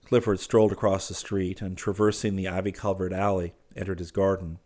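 A man narrating an audiobook in a measured, quiet storytelling manner. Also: low-pitched, little pitch movement. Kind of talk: scripted narration.

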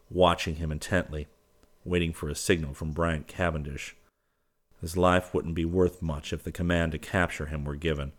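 A man narrating a western audiobook in an even storytelling manner. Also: sits low.

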